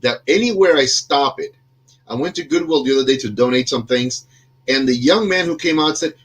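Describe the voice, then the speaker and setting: His mid-range voice is brisk and slightly rough. Hosting a casual podcast over a video call while a little under the weather, he jokes about himself and rambles, filling gaps with lots of fillers.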